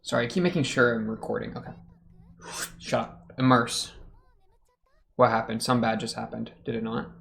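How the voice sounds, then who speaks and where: A man's voice: mid-range voice, level tone, a little fast, creaky, a bit bright, slight background noise. Chatty young man reacting to anime. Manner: chatty, joking, muttering asides. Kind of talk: casual reaction commentary.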